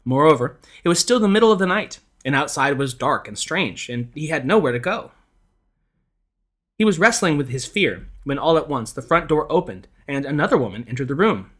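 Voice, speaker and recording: A man narrates a scripted ghost story for a podcast. His reading is measured and expressive, and his voice sits a touch higher than most men's.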